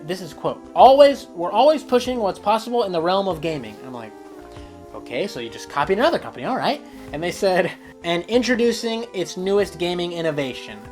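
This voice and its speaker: A gaming news vlogger in casual commentary, sarcastic and ranting, with some swearing. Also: mid-range voice.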